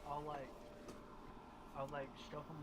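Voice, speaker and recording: A man in casual chat, talking haltingly and restarting his sentences. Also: a little high, completely flat delivery, very noisy.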